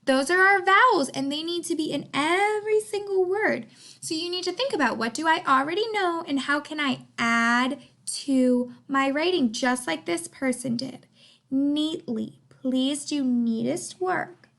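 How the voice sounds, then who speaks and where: A woman teaching a writing lesson to young children, in an animated, sing-song teacher voice with lots of emphasis. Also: high-pitched, measured pace, creaky.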